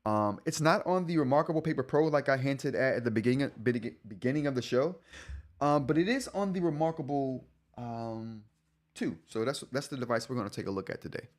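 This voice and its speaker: A man's voice: mid-range voice, lively intonation, fairly quick. Rambling middle-aged man hosting a live stream. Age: 40s. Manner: rambling, self-correcting, laughs often. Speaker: tech show host. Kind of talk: casual live stream chat.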